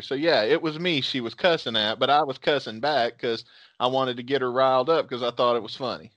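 A man's voice: medium pitch, brisk, a bit bright. A man hosting a podcast, telling a profane, laughing story casually. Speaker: podcast host.

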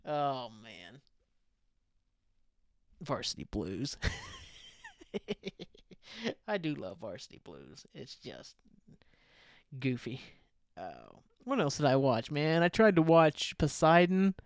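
A man's voice: fairly high pitch, big pitch swings, takes it slowly, long pauses, no echo, clean studio sound. A man hosting a casual solo podcast, rambling loosely, swearing offhand and often trailing off. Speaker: podcast host.

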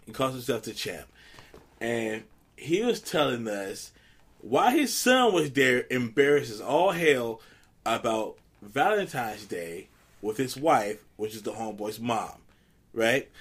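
A man hosting a podcast, chatting casually and telling a funny story, jumping high when he quotes people. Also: a little slow, slightly rough. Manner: animated storyteller, jumps high when quoting. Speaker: podcast host.

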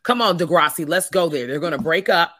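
Woman, podcast co-host, low pitch, bright tone, animated, swearing. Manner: animated, swears freely, drawn-out emphatic delivery. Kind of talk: casual podcast chat.

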